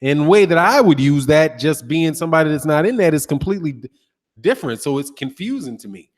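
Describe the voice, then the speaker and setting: Animated man with a reverberant, fairly high voice. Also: fast talker. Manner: animated storytelling, laughs often, swears casually. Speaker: boxing channel host. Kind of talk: casual livestream chat reading comments.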